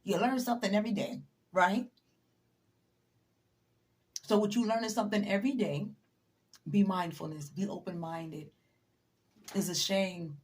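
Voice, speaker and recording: A woman's voice: mid-range voice, measured pace, pauses often, darkish tone. A woman talks straight to the camera with a motivational message. She is blunt and emphatic, swears freely, and lectures the viewer directly. She sounds a little tired. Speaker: motivational vlogger. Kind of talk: casual motivational talk to camera.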